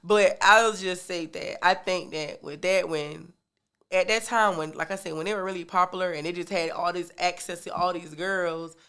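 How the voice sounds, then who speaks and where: A young woman telling a personal story in a relaxed, animated way, full of casual slang and side remarks. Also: fairly low pitch, normal speed, clear, resonant tone.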